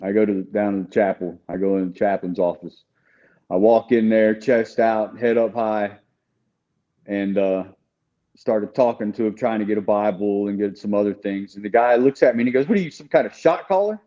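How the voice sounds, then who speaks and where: A man's voice: fairly low pitch, fairly even intonation, normal speed, mellow, muffled recording. A man speaking as a guest in a casual conversation, recounting his experiences in an earnest, candid way. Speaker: guest telling his story.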